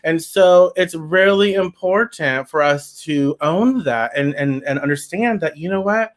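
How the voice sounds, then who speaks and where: A man's voice: high-pitched, animated, a little slow. Chatty man giving a tarot reading. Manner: chatty, playful, addresses viewers directly. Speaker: tarot card reader. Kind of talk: pick-a-card tarot reading to viewers.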